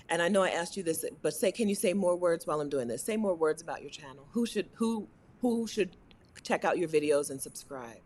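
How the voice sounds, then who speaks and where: A woman's voice: lowish voice, a little hiss or hum. A woman hosting a casual live-stream interview over a video call, chatty and encouraging. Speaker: host.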